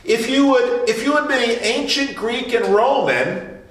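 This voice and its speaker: A man preaches loosely and playfully, slipping into voices for the people he quotes. His voice sits high and he takes his time. He is heard from a distance in a strongly echoing church. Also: a little slow. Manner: animated, joking, acts out voices in quotes. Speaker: pastor. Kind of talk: informal sermon. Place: church sanctuary. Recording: distant mic in a very echoey room.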